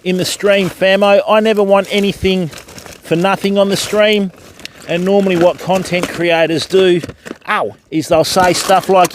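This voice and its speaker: A man with a slightly high voice, chatting live with his viewers while fishing by a river. He talks casually and calls people mate. His phone mic picks up steady outdoor noise in the background. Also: measured pace. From Australia. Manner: chatty, laid-back, talks to viewers as mates. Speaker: fishing livestreamer. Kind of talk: casual livestream chat.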